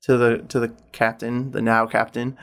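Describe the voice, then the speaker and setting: Male podcast host, mid-pitched, loose and swearing, fills every gap with "like". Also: flat delivery, normal speed, vocal fry, a bit bright. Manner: rambling, profane retelling full of "like". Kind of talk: casual chat.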